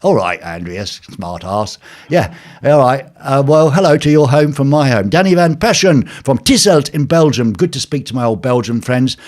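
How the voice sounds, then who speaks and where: Lively rambling man hosting a live stream. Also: mid-range voice, moderate pace. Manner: rambling, jokey, lots of fillers. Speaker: live show host. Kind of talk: casual live stream chat, greeting viewers. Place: home penthouse flat.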